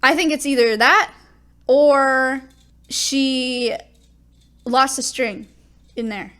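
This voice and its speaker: A woman's voice: sits high, slow pace, bright, forceful tone, clear, resonant tone. A young woman streamer telling rambling, self-deprecating stories in a casual chat.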